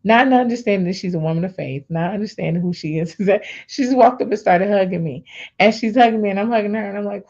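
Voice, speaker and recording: A woman sharing her personal testimony in a casual, animated storytelling way, talking straight to the listeners. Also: medium pitch, fast talker. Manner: animated, addresses listeners as "y'all". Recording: dull lo-fi sound.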